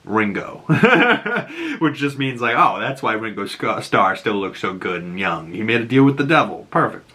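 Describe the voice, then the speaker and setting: A YouTube host breaks down an episode of a superhero show in a casual, chatty, rambling way, full of fillers and laughing at his own jokes. His medium-pitched voice is sharp, a little slow, and swings widely in pitch.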